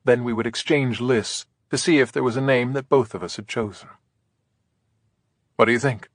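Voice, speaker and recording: A man narrating an audiobook in a soft, whispered storytelling way, gentle and unhurried, close to the mic. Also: mid-range voice, dry recording.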